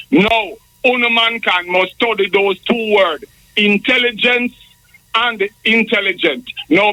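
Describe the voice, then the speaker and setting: Bright high-voiced Jamaican caller. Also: male voice, poor audio. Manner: preachy, rambling, repeats himself. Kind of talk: preachy call-in monologue.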